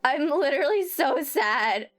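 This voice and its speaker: High-voiced woman streamer reading aloud. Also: expressive, unhurried, fairly bright tone, soft background music. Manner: emotional, reads on-screen text aloud and reacts candidly.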